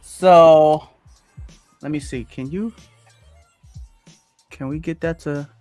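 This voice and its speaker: A man hosting a live stream, chatting casually with loud, laughing banter. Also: a little high, slow pace, soft background music. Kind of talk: casual chat.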